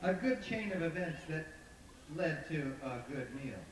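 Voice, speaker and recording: A man's voice: on the high side, expressive, measured pace. A man telling a story to a live audience in a folksy, conversational way. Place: outdoor park stage. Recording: echoey live outdoor recording from far off with noise.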